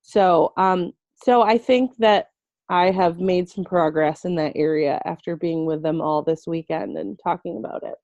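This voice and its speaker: A woman's voice: on the low side, moderate pace, no room sound. Chatty woman on a dull video call. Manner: chatty, animated quoting of herself and her friend. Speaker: essential oils seller. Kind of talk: casual storytelling on a video call.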